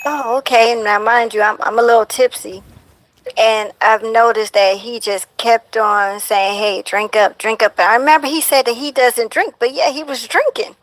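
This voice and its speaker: A young woman, a guest on a talk show, telling a painful personal story in a halting way, full of fillers and repeated words. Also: fairly high pitch, a little hiss or hum, low-quality recording. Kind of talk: emotional personal account.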